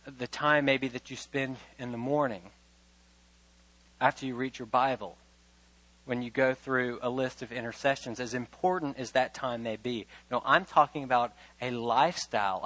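A man's voice: no room sound, poor audio. Emphatic male preacher, dry sound. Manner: emphatic, building up to loud stresses then dropping low. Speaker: pastor. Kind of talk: sermon.

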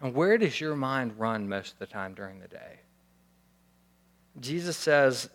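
A man's voice: medium pitch, expressive, a little slow, pauses often. A male pastor giving a conversational sermon, acting out little scenes as he preaches. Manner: conversational, acts out scenes with raised voice.

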